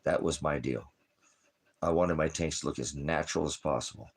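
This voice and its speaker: Deep-voiced man chatting on a livestream. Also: moderate pace, husky. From lived in Alaska. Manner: rambling, talks to his dog and viewers. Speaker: livestream host. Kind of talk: casual livestream chat.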